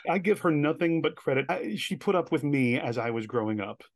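A man as an interview guest, telling animated stories and acting out the voices of people he quotes. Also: a little high, fairly quick, dry recording, clean studio sound. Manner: animated storyteller who acts out quoted voices. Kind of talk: casual storytelling interview.

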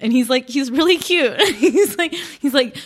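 A woman's voice: high-pitched, animated, a little slow. A woman hosting a podcast, casually recapping a TV episode in a giggly, rambling way with lots of fillers. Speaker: podcast host.

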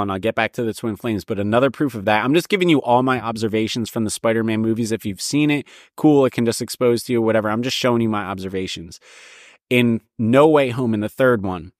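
A man's voice: medium pitch, dry recording, studio quality. A man hosting a show, talking in a casual monologue that rambles and repeats points with frequent restarts. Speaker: show host.

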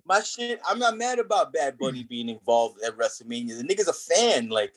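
A man's voice: medium pitch, sing-song, a little fast. A man in casual podcast chat about wrestling, talking animatedly with heavy street slang and profanity.

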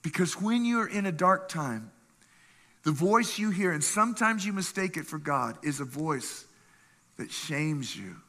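A man preaching with animated energy and a high, bright, forceful voice. He reads scripture and calls out questions to the congregation. His voice carries a long hall reverb. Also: normal speed. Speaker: pastor. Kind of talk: sermon.

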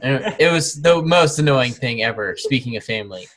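A man with a bright, slightly tense voice co-hosts a casual podcast chat. He rambles loosely through a story, full of fillers, and slips into imitations of the people in it. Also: mid-range voice, normal speed. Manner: relaxed storytelling with fillers and mimicry. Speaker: podcast co-host.

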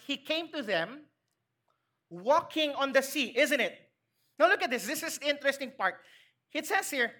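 A woman's voice: high voice, sharp tone. A woman with a Filipino accent preaching a sermon, asking the congregation questions and acting out quotes.

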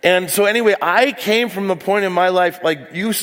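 A man's voice: high-pitched, moderate pace, fairly bright tone, in a large hall. A man preaching as a pastor, telling candid, self-deprecating stories with frequent asides. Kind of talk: sermon. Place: church hall.

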